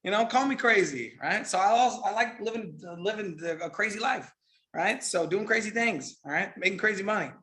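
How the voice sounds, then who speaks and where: Running a motivational network marketing session, this middle-aged man is energetic and repetitive and keeps asking "right?" to check in. He speaks briskly in a high-sitting voice.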